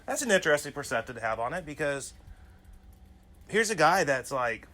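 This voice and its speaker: A man's voice: a little high, big pitch swings, moderate pace, pushed and bright. A man hosting his own podcast, telling personal stories in a casual, rambling monologue full of "you know" asides. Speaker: podcast host.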